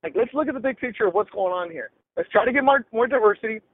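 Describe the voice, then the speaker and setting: Middle-aged sports guy, high voice, blunt and slangy, sounds like he's on a phone, dry. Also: animated, fast talker, breathy edge, no echo. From Los Angeles. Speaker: guest sports broadcaster. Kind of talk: casual podcast interview. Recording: tinny phone-like line, dry.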